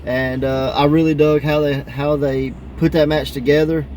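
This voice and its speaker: A man hosting a casual wrestling podcast, laughing often and acting out quoted wrestlers in higher voices. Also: level tone, moderate pace, a little mellow, slight background noise. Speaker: podcast host.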